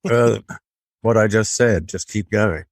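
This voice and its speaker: A man's voice: fairly low pitch, unhurried, no room sound. A man being interviewed as an author, answering in a dry, understated, plainspoken way. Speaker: author guest.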